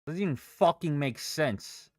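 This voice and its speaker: A man's voice: fairly high pitch, expressive, a little slow, no room sound, studio quality. A young man livestreaming his day trading, cursing and venting in exasperated outbursts. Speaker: day trader streaming live. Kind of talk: live trading stream, frustrated ranting.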